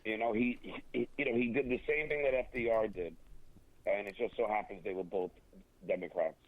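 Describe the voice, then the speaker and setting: A man's voice: fairly low pitch, steady tone. Opinionated man on a tinny phone line. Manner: halting, many restarts and fillers. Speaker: guest. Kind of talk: casual interview over a phone line.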